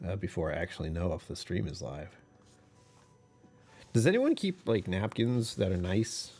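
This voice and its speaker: A man's voice: low-pitched, sing-song, normal speed, darkish tone, faint music behind. A young man hosting his own livestream in casual, rambling chat, amused by himself as he talks. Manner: rambling, self-amused, chatty. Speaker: livestream host.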